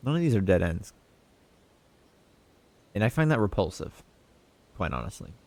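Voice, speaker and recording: A man's voice: low-pitched, big pitch swings, moderate pace, a little mellow. A man streaming a puzzle game, chatting in a laid-back, rambling, self-mocking way. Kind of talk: casual gameplay commentary.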